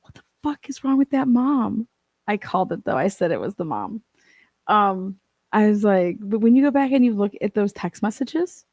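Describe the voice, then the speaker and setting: A woman's voice: a little high, darkish tone, no room sound. A woman hosting a casual livestream, chatting and reading out viewer comments, swearing and laughing often. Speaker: livestream host reading chat.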